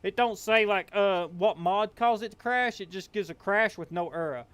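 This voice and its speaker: Rambling Southern streamer with a smooth voice. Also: male voice, high voice, moderate pace, a bit bright. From Appalachian Kentucky, US. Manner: rambling, filler-heavy, drawling. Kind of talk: casual gameplay chat.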